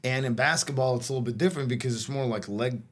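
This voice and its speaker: A man's voice: medium pitch, quick pace. Middle-aged male guest, chatty rambling storyteller, fillers and restarts, slight cough. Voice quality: coughing now and then. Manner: rambling, lots of "like" and "you know", restarts. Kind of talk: casual storytelling chat.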